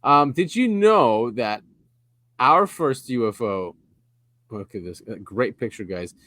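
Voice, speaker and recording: A man's voice: medium pitch, expressive, slow pace, a bit bright, no room sound. A man co-hosting a podcast in casual chat, rambling a little and reading article passages aloud, recorded on a close mic. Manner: rambling, chuckles often, reads articles aloud. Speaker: podcast co-host.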